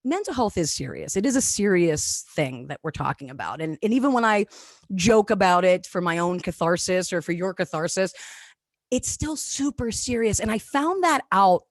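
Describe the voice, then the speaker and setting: A woman in her thirties talks like a stand-up comedian, energetic and jokey, with a voice that swings up and down in pitch. The sound is dry and close, as on a video call. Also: normal speed, no room sound. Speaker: comedian and webinar speaker. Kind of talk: stand-up style talk on mental health.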